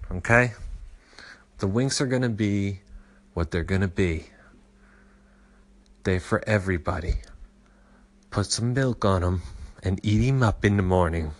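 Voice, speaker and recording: A young adult man hosting a podcast, telling a story in a rambling, profane way. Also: fairly low pitch. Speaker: podcast host. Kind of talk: casual storytelling.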